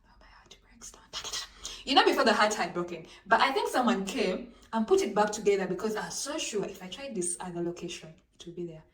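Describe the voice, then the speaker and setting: A woman telling a dramatic storytime vlog to her viewers, talking into a handheld phone in a lively, animated way. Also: medium pitch, fast, few pauses, distant mic. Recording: roomy echo, voice off-mic, faint background noise.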